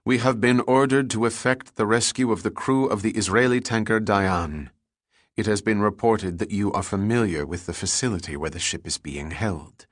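A stern, battle-hardened male commando speaks in a crisp Hebrew accent, as a man reads him aloud. His words come slow, clipped and commanding, and the voice sits low. It is an audiobook reading in a dry booth. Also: no echo, close to an everyday voice.

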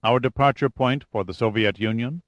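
A man's voice: medium pitch, a little fast, no room sound, lightly acted. A man voicing a confused, anxious Soviet man who speaks urgently in a dry audiobook reading. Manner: urgent, increasingly desperate.

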